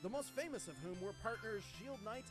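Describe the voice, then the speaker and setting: Nerdy explaining co-host, high lively voice, bright tone, soft music behind. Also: male voice, brisk. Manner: expository, dry explaining tone. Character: Wiz, brainy explaining male co-host.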